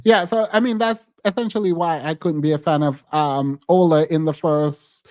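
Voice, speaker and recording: A man's voice: on the high side, fairly even intonation, moderate pace, darkish tone, dry recording. A man hosting a podcast, giving casual, emphatic reality-TV commentary and laughing often. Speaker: podcast host.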